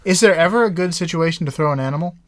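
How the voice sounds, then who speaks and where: A man's voice: fairly high pitch, rapid-fire, no room sound. A young man co-hosting a podcast in casual chat, dropping wry quips and short replies. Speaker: podcast co-host.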